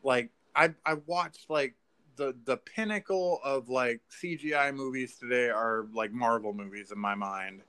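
A man talking loosely and excitedly, piling on filler words and curses as he tells a story. His voice sits at an ordinary middle pitch. He sounds like one half of a laid-back chat between friends. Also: unhurried, smooth. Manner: rambling, profane, filler-heavy, says "like" and "dude". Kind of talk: casual chat.

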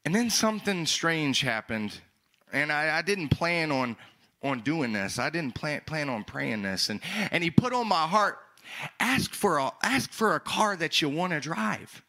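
A young male pastor telling a story in a sermon, acting out dialogue with loud, animated outbursts. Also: fairly high pitch, measured pace.

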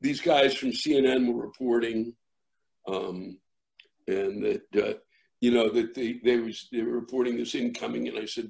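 A middle-aged man, a comedian, telling a rambling story in conversation with many fillers and restarts, acting out shouting crowds. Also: medium pitch, normal speed, gravelly. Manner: animated, acts out shouting crowds. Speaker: comedian guest.

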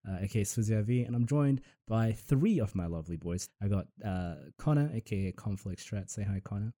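A man's voice: lowish voice, lively intonation, brisk, warm tone. Laid-back young man hosting a podcast. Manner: laid-back, jokey, laughs often. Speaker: podcast host. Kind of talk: casual chat.

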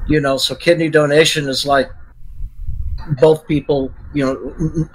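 A man's voice: a little high, steady tone, moderate pace, breathy edge, rough recording. A man from New York, a guest chatting casually about living with kidney disease. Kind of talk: casual chat.

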